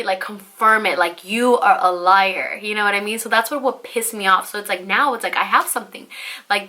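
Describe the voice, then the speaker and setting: A young woman telling a storytime vlog in a chatty, animated way, full of "like" and "you know", and swearing freely. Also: mid-range voice. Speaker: vlogger.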